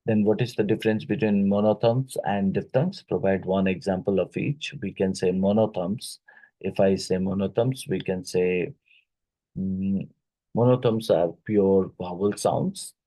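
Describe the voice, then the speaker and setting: Male teacher, deep and mellow voice, steady explaining lecture style. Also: rough recording. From India. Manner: unhurried, with frequent tag questions like "right?". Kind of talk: exam-prep phonetics lecture.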